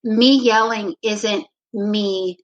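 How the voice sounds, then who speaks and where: A woman's voice: mid-range voice, drawn-out words, highs cut off. Woman coach telling a reflective story. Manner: relaxed, reflective storyteller who acts out her own past lines; frequent "you know" fillers. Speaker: basketball coach, podcast guest. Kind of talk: storytelling in a conversational interview.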